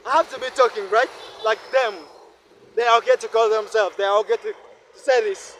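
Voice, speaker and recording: Walking down a rainy city street, a Ugandan man vlogs in a high, steady voice that is fairly quick and a little bright. He muses aloud in a reflective monologue, repeatedly asking himself questions, with faint street and traffic noise in the background.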